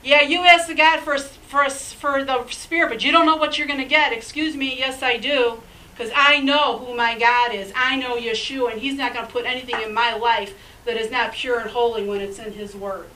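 A woman's voice: fairly high pitch, steady tone, normal speed, bright, forceful tone, distant mic, low-quality recording. A woman pastor preaching a sermon in an emphatic, conversational way, with chatty asides.

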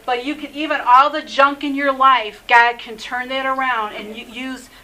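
A woman's voice: high-pitched, steady tone, moderate pace, sharp tone, poor audio. A middle-aged woman, a messianic rabbi, telling her personal testimony earnestly, laughing often and leaning on "you know". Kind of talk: personal testimony in a faith interview.

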